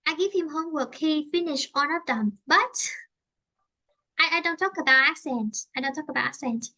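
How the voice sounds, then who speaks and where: A woman with a Vietnamese accent teaching an online English lesson, explaining slowly in simple English and repeating herself. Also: high-pitched, sharp tone.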